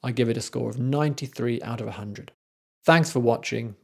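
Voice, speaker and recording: A man's voice: mid-range voice, brisk, vocal fry, darkish tone. A man, a composer, giving a casual, enthusiastic commentary on a classical art song, with a conversational manner. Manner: enthusiastic, conversational, with frequent fillers. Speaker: composer hosting a music analysis show.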